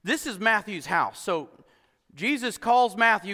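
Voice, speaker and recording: Animated male preacher with a lively, sharp delivery in a reverberant church hall. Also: high voice, measured pace. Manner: animated, exclaiming "huh?" and "come on". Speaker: pastor. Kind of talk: sermon.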